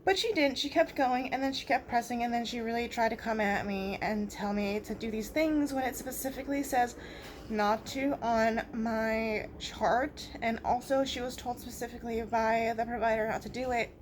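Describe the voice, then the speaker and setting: A woman's voice: a little high, normal speed, slight background noise. A woman vlogger talking straight into her phone camera about a personal complaint, blunt and profane, leaning on fillers like "basically" and "like".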